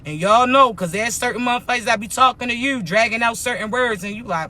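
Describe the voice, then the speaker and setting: A woman's voice: on the high side, quick pace, pushed and bright. A woman spiritual life coach giving a motivational talk in an emphatic, blunt, slangy and often profane way.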